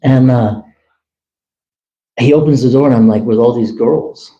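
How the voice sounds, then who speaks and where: A man telling a long personal story at a temple gathering, chatty and animated, acting out the dialogue. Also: mid-range voice, unhurried, highs cut off. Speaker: temple speaker. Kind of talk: casual storytelling talk.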